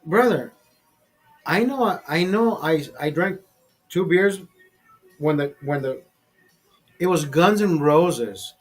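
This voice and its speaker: A man's voice: a little high, lively intonation, slow pace, long pauses, soft background music. Heated, profane man telling a story. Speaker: show host.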